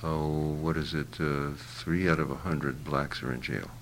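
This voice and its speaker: An older man being interviewed, answering in a halting, reflective way with many fillers and restarts. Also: a bass voice, steady tone, a little hiss or hum.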